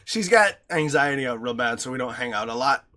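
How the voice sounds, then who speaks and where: A man co-hosting a podcast in his home studio, an animated, crude storyteller who laughs often. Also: mid-range voice, brisk, a little hiss or hum. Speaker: podcast co-host. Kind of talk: casual chat.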